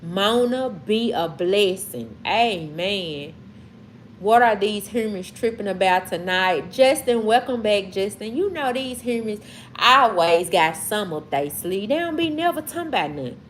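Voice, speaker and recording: A woman's voice: mid-range voice, lively intonation, slight background noise. A woman from Mississippi with a Southern accent, casually chatting on a livestream and answering comments. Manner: slow, drawling, talks back to chat. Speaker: livestream host.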